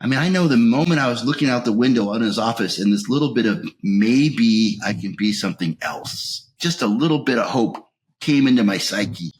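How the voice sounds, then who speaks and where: A man tells the story of his recovery in an interview, raw and emotional, with lively intonation and a moderate pace. Returning anger lifts his voice, while the lowest moments bring it down to a near whisper.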